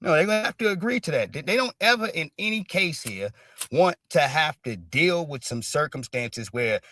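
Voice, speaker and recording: A man's voice: a little high, expressive, moderate pace, sharp tone, dry recording, studio quality. A man commenting on a livestream, talking bluntly and profanely, punctuating nearly every sentence with a questioning "all right". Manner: emphatic, profane, repeats "all right" constantly. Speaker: stream commentator.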